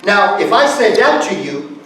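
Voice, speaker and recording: Animated man lecturing in an echoey room. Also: sits high, unhurried. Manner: animated, acts out example phrases, coaxes audience to join in. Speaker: guest speaker. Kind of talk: lecture to a live audience. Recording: echoey room, far from the mic.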